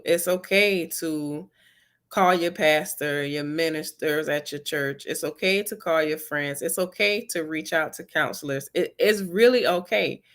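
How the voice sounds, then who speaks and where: Slow, earnest woman with a bright voice. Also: on the low side. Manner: slow, earnest, repeats key phrases. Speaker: wellness vlogger giving advice. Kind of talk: casual encouraging talk to viewers.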